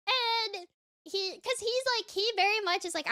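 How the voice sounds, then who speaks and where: A woman streamer chatting casually, excitedly rambling through a story recap with lots of fillers. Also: extremely high pitch, moderate pace.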